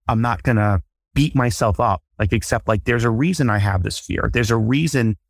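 A man hosting a podcast interview, talking in a reflective, measured way and openly about himself. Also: medium pitch, dry recording, studio quality. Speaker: podcast host.

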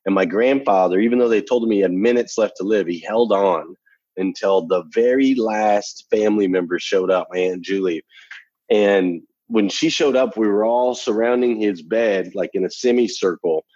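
A man's voice: on the low side, moderate pace, darkish tone, breathy edge, no echo, highs cut off. A man telling a personal story in conversation, earnest and emphatic, repeating phrases for effect. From United States. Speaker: interview guest.

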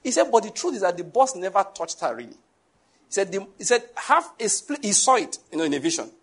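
A male pastor preaching a sermon, lively and joking, with frequent laughter and asides to the congregation. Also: high voice, fast, breathy edge.

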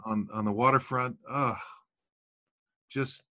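A man hosting a podcast interview, chatty and enthusiastic, quick to affirm his guest. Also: mid-range voice, fairly even intonation, bright, forceful tone. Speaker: podcast host. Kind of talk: casual interview.

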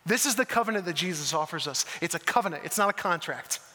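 High-voiced man preaching in a hall. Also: expressive, quick pace, sharp tone. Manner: earnest, emphatic preaching. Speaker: pastor. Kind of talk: sermon. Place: church hall. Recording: long reverb of a large hall.

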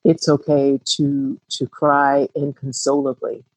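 A woman's voice: rumbling low, flat delivery, slow pace, a little mellow, husky, no echo, low-quality recording. A woman co-hosting a podcast, speaking candidly and reflectively in a casual, heartfelt conversation. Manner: reflective, candid, rising emphasis. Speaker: podcast co-host.

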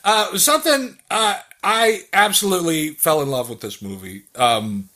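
A man gushes about the films he loves on a casual podcast, his voice bright and fairly high. His pitch swings widely as he gets excited, and the whole delivery is lively and enthusiastic. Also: moderate pace. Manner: enthusiastic, gushing, animated. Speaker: podcast co-host reviewing films. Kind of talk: casual chat.

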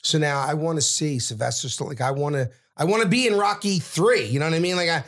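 A middle-aged man, telling a story as a podcast guest and acting out every character in loud, brash voices. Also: a little high, fast talker. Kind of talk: animated storytelling.

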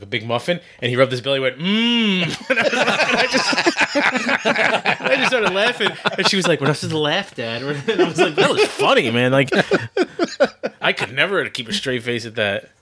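A man's voice: medium pitch, sharp tone, breathy edge. A man co-hosting a podcast, rambling and losing his train of thought. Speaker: podcast co-host. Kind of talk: casual podcast chat.

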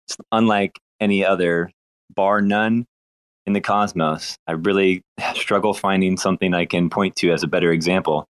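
Very deep, smooth male voice. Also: low-quality recording. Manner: earnest, praising thank-you speech. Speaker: guest. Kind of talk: casual chat.

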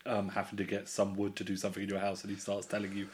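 A man co-hosting a casual political podcast, dry and mocking in a deadpan way. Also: fairly low pitch, very fast. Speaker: podcast co-host.

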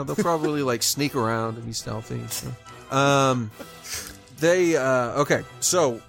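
A man narrating as game master of a tabletop game, casual and halting, with fillers. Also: mid-range voice, creaky, fairly bright tone, soft background music.

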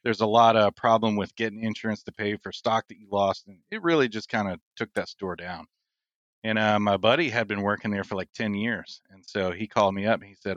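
Laid-back guy on a podcast, lowish voice, dry close sound, tells stories and laughs a lot. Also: a little fast, dry recording, dull audio. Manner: storytelling, laughs often, relaxed. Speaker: podcast guest. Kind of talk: casual chat.

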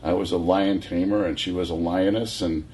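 A man in his sixties from California, a guest telling rambling, animated stories full of restarts. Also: low voice, moderate pace, a little hiss or hum. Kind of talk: casual storytelling.

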